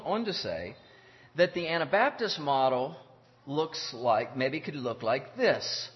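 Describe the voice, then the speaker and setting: A man preaching a sermon in an earnest, deliberate way, repeating his key phrases. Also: a little high. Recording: dull lo-fi sound in a reverberant hall.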